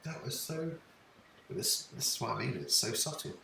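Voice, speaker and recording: Awestruck gravelly man, distant and noisy. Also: medium pitch, lively intonation, normal speed, bright, forceful tone, reverberant. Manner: awed and emotional, breathless exclamations. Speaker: live streamer filming the sky. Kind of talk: live stream commentary.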